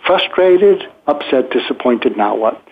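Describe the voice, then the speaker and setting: A man's voice: medium pitch, expressive, measured pace, slightly rough. A man hosting a podcast, explaining communication techniques in a thoughtful way and acting out example phrases. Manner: thoughtful, frequent restarts, acts out example phrases. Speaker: podcast host, psychiatrist. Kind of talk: conversational advice talk. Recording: phone-line sound.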